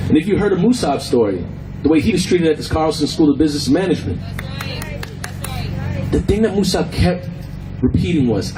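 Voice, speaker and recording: A man's voice: a little high, animated, fairly quick, long pauses. A man, a film actor, speaking at a protest with a conversational, pointed and sarcastic manner. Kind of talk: rally speech. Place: outdoor protest by a street. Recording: outdoor street with traffic noise.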